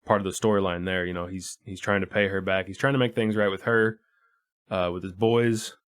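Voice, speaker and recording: A man's voice: sits low, steady tone, brisk, a bit bright, clear, resonant tone. A man co-hosting a casual movie podcast, laid-back and profane, often restarting his sentences. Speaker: podcast co-host. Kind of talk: casual movie-review chat.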